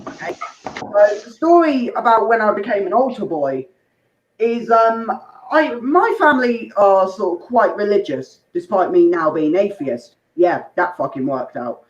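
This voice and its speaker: A man performs an open mic stand-up set, telling crude, rambling stories and tossing asides to the audience. His voice is high-pitched and animated, his pace unhurried. The room is echoey, and the audio sounds muffled and dull with faint noise.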